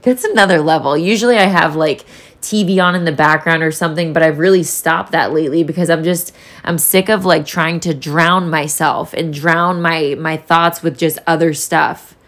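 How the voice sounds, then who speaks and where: A young woman talking candidly in a solo vlog, rambling and swearing freely as she reflects. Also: low voice. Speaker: vlogger. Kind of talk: casual solo vlog talk.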